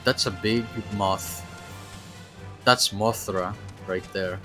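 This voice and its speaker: A man's voice: sits low, steady tone, takes it slowly, over music. A man streaming a video game, chatting casually and rambling through his thoughts. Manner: rambling, full of fillers and restarts. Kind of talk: casual gaming commentary.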